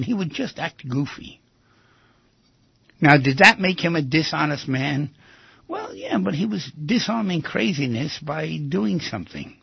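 A male talk show host giving advice in an animated, folksy way, often acting out what people might say. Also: fairly high pitch, vocal fry, slightly rough, no room sound, dull audio. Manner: animated, folksy, acts out quoted speech.

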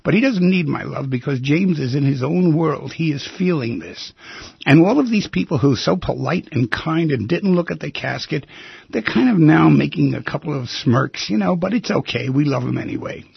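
A man hosting a radio talk show from a studio, telling a personal story in an emphatic, intimate way that swings between loud and hushed. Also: a little high, expressive, normal speed, vocal fry, breathy edge, no echo, dull audio.

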